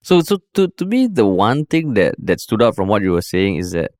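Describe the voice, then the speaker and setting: A podcast host with a Singaporean English accent speaks in a low voice that swings up and down with lively inflection. He asks pointed follow-up questions in a dry, close recording. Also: moderate pace, no echo. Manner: probing questions, frequent backchannel. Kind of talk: casual podcast chat.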